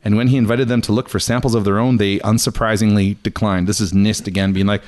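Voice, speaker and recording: Laughing podcast host, a man, lowish voice. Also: level tone, quick pace, darkish tone. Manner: chatty, laughs often, reads quotes in a mock voice. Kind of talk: casual chat, reading out articles.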